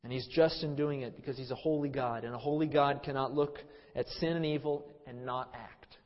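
A man in his thirties preaching a sermon as pastor, impassioned, swinging from loud emphasis to a low hush. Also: fairly even intonation, a little fast. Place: church sanctuary. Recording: muffled sound in a hall with long reverb.

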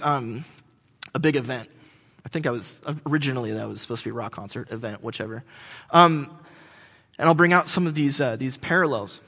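This pastor, a man in his thirties, has a fairly high, sharp-toned voice as he preaches in a church hall with long reverb. Jokes and stories fill the sermon, along with many fillers and false starts.

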